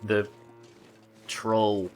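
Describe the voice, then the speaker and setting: Low-voiced British man streaming a game. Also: little pitch movement, very slow, faint music behind. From Britain. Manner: swears often, mutters to himself and chats with viewers. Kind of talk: live gaming commentary.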